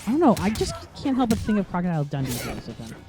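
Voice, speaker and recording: A man's voice: high-pitched, huge pitch swings, racing, dark tone. A man commentating casually over a video game he plays, rambling through tangents with many fillers and frequent laughs. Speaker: gaming commentator. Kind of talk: casual let's play commentary. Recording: faint game music behind.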